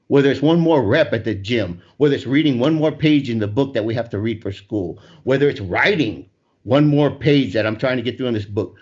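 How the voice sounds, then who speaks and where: A man's voice: mid-range voice, animated, moderate pace, darkish tone. A man co-hosting a casual podcast, talking in a motivational way about breaking big goals into small steps. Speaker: podcast co-host. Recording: dull lo-fi sound.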